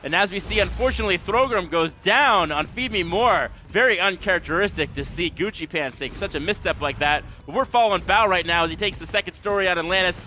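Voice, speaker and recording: Bright, energetic male play-by-play caster. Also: high-pitched, fast talker, hardly any pauses, slight background noise. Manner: energetic, jokey, leads the segments. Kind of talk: esports commentary.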